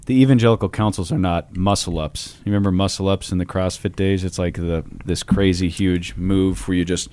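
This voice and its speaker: A man's voice: deep voice, fairly even intonation, fairly quick, hardly any pauses, a little mellow. A man co-hosting a podcast, talking conversationally about theology and telling anecdotes. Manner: conversational, digressive, with anecdotes and fillers. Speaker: podcast co-host. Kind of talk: casual theological discussion.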